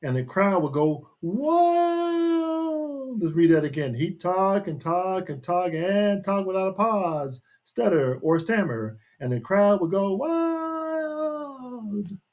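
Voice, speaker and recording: A man's voice: sits high, a little slow, hardly any pauses, darkish tone. A man reading a picture book aloud to children in a chatty way, stopping to ask his young listeners questions.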